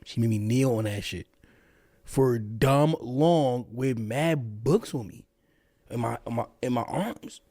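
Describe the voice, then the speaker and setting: A man's voice: mid-range voice, takes it slowly, a little mellow, no echo, studio quality. A man hosting a reaction stream, joking in a slangy, casual way and talking to his chat. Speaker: streamer host.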